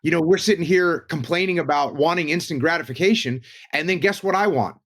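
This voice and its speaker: Emphatic man with a higher-than-usual voice who keeps driving the same points home, in a relaxed podcast chat. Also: brisk. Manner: emphatic, repeats key points in lists. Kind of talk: casual teaching talk.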